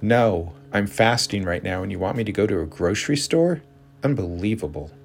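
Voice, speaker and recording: A man's voice: fairly low pitch, expressive, moderate pace, gravelly, slight background noise. A man voicing a tired, irritable husband who answers curtly and snaps. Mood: snappish. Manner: curt, snappish.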